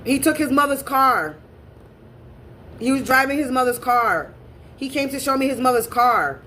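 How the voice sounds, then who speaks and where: A woman's voice: sits high, lively intonation, moderate pace, sharp tone, slight background noise. A woman telling a personal story in a casual, blunt and profane way, repeating points for emphasis. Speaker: spiritual reader and channel host.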